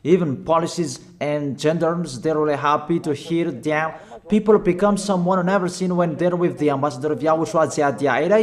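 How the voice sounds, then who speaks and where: A man preaching a sermon in slightly broken, non-native English, urging his listeners with repeated, emphatic commands. He speaks slowly and deliberately, and his voice sits a little higher than most men's. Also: a little mellow. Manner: urgent exhortations in non-native English with slips.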